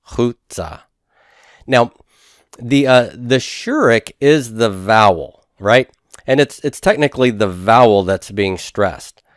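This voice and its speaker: A man with a fairly low voice teaches a recorded lesson. He works through each point methodically and repeats key words slowly. The sound is dry and close, with no room echo. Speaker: Hebrew instructor. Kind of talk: recorded lecture over handouts.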